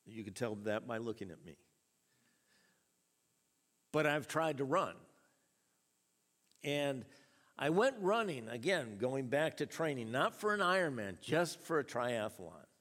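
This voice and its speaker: A man preaching a sermon, telling a story with chuckles and an animated delivery. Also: mid-range voice, a little slow, long pauses. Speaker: pastor. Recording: reverberant hall.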